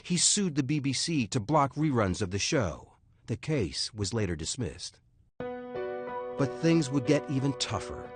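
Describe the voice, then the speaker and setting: A man giving scripted documentary narration in a measured, dramatic way. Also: medium pitch, very animated. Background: music.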